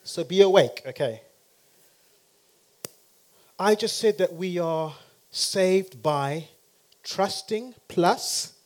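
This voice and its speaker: A man with a high voice preaches to his congregation, addressing them head-on. He moves back and forth between hushed moments and loud, forceful emphasis.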